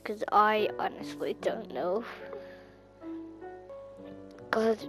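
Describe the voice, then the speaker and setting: A woman with an Irish accent giving rambling, chatty gameplay commentary that bursts into excited squeals. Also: mid-range voice, drawn-out words, pauses often, over music. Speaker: gaming channel host.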